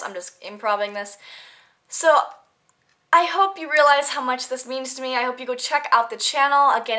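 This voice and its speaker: Bright-voiced chatty teen girl vlogger. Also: a little high. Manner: chatty, giggly, rambling storytelling. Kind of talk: casual unscripted vlog chat.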